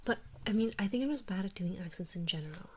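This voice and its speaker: A woman's voice: mid-range voice, animated, slightly rough. Whispering Canadian woman streamer. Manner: soft whispering, chatty and drawn-out words. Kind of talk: whispered ASMR chat with viewers.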